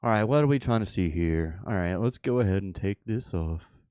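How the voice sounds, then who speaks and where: A man's voice: deep voice, lively intonation, a little fast, a little mellow, clean tone, dry recording, studio quality. A man from the American South hosting a casual livestream, joking and laughing often. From Southern United States. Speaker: livestream host.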